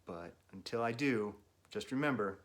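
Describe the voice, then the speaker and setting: A man reading a picture book aloud to children, with gentle chatty asides to young listeners. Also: fairly low pitch, animated, moderate pace. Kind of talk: read-aloud storytime for kids.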